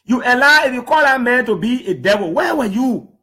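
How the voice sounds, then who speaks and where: Liberian English man, 30s, high voice, emphatic public storyteller who acts out quotes. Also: a little fast. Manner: lively, emphatic, slips into quoting others in put-on voices. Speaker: human rights defender speaking to the public. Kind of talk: animated storytelling talk.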